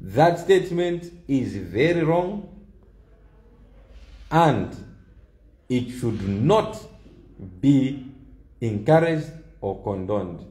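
A man's voice: medium pitch, big pitch swings, extremely slow, pauses often, dark tone, echoey room. A man giving an opinion monologue, emphatic and repeating key lines for stress. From Zambia. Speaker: political commentator.

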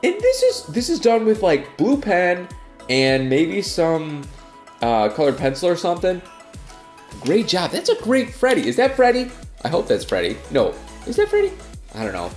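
A young man vlogging about his fan mail with a stuffy nose from a cold, gushing with excitement. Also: high voice, normal speed, reverberant, faint music behind. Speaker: YouTuber. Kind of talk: casual vlog reading fan mail.

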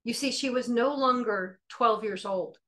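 A woman's voice: on the high side, measured pace. A middle-aged woman teaching and sharing a personal testimony, telling it conversationally and acting out the dialogue. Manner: lively storyteller acting out dialogue; conversational, with fillers and restarts. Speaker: Christian teacher.

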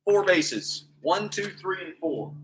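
A man's voice: high-pitched, expressive, takes it slowly, slight background noise. A man leading a live online exercise class for kids as their PE coach, counting out reps and cheering the children on by name. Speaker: PE coach hosting a kids' class.

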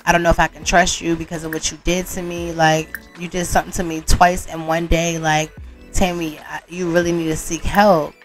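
A woman's voice: on the low side, little pitch movement, brisk, soft background music, lightly acted. A woman voicing a guarded, fed-up husband in a life-sim game story, blunt and slangy.

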